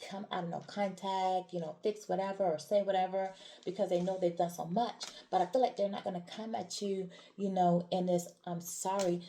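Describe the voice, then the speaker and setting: A woman's voice: fairly low pitch, a little mellow, slight background noise, low-quality recording. A woman doing a casual tarot reading, talking straight to her viewers in an emphatic, repetitive way. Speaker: tarot reader.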